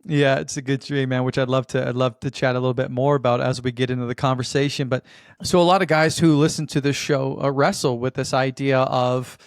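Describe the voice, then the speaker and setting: A man hosting a podcast, delivering an energetic scripted intro and then interviewing a guest. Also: medium pitch, fairly quick, no echo, studio quality. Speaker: podcast host.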